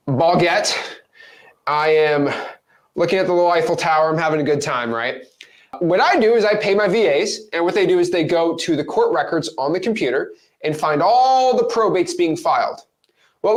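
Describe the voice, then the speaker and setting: A young man teaching real estate with lively energy, acting out phone calls in quick different voices. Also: a little high. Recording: roomy echo.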